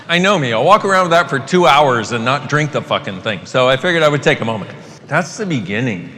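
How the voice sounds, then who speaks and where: A man giving a live motivational talk to an audience, animated and playful, swearing casually. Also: medium pitch, a little fast. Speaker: workshop facilitator. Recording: long hall reverb, faint noise.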